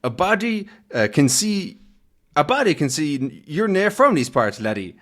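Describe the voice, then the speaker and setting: A grim old Scottish villager hunches over a pub table, rolling his words in a thick brogue and cackling as he warns a newcomer off, as a man puts him on. His voice rises high and loud, and it swings widely in pitch. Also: sing-song, a little slow, heavily acted. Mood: ominous.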